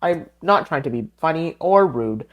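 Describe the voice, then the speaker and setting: A man's voice: on the high side, animated, normal speed, muffled recording. A man hosting his own podcast alone, chatting casually and going off on tangents, often correcting himself mid-sentence. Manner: rambling, tangent-prone, self-correcting. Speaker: podcast host. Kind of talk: solo podcast chat.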